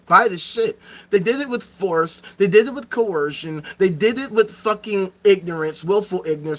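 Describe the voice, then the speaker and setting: A streamer host ranting to the chat in a profane, sarcastic and emphatic way. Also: mid-range voice. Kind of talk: livestream rant to chat.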